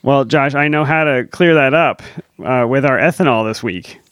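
Relaxed male podcast co-host, easy laugh. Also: medium pitch, normal speed, clear, resonant tone, no room sound, clean studio sound. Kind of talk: casual chat.

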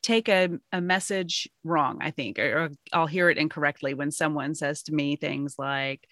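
A woman with a notably low voice speaks candidly and reflectively in a casual podcast conversation. Her sound is dry and close to the mic, with no room echo. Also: normal speed, hardly any pauses, fairly bright tone. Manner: candid, self-reflective questions.

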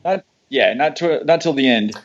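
A man's voice: medium pitch, expressive, muffled recording. A man co-hosting a film podcast remotely, chiming in with short agreements and scene details. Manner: quick agreeing interjections, chimes in with scene details. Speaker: podcast co-host. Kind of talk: casual film review chat. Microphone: remote recording.

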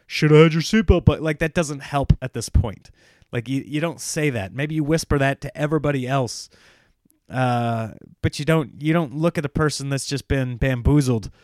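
A man's voice: mid-range voice, smooth, no echo, clean studio sound. Sarcastic American man ranting. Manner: sarcastic, animated, laughing at his own points. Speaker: comedian. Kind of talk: casual ranting monologue.

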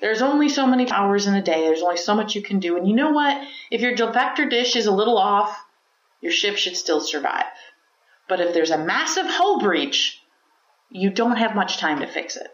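Animated woman hosting a business podcast. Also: medium pitch, moderate pace. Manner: animated and explanatory, with playful asides. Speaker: podcast host. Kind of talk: solo podcast monologue. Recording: roomy, slightly dull recording.

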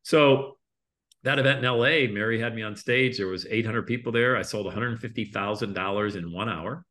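A man being interviewed as a guest, telling a story casually. His voice jumps up for the punchlines and trails off quietly at the ends of phrases. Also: a little fast. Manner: lively storyteller, voice jumps up for punchlines then drops low. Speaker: interview guest, speaker and coach.

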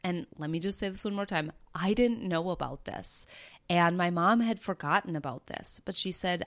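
A woman's voice: fairly low pitch, normal speed. A woman in her thirties, hosting a podcast and earnestly telling a personal story in a conversational way. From Minnesota, USA. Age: 30s. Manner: earnest, conversational, with quoted dialogue. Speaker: podcast host and breathwork facilitator.

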